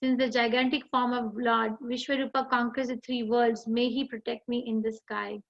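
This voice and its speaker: A woman with an Indian English accent, teaching an online class and reading scripture in a measured, deliberate way. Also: a little high, level tone, gravelly. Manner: measured, deliberate recitation with chanted mantras. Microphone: video call. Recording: dull lo-fi online call audio.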